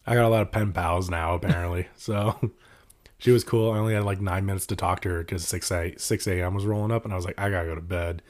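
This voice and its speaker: Young man, low-ish voice, lively storyteller, casual podcast chat. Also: fast talker. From California. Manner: animated storytelling, laughs often, voices others.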